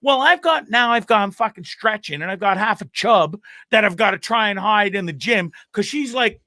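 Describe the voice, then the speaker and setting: A middle-aged Canadian man hosts a casual show in a high, bright, forceful and expressive voice at a moderate pace, recorded studio-clean with no room sound. He rambles crudely about his day, swearing freely and mocking himself. He repeats words and restarts a lot.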